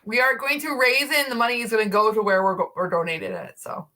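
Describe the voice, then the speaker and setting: Bright, chatty woman host. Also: on the high side, lively intonation, fast. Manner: chatty, laughs often, many fillers. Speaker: paranormal channel host. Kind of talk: casual livestream chat.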